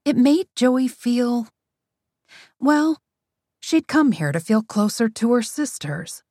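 Woman narrator, mid pitch, animated and wry, dry studio read. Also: slow pace, no echo. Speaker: audiobook narrator. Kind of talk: scripted narration.

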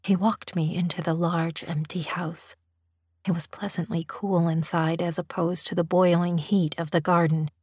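A woman narrating a first-person story in a soft, intimate whisper, as whispered role-play. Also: fairly low pitch, little pitch movement, normal speed, breathy edge, no echo, studio quality.

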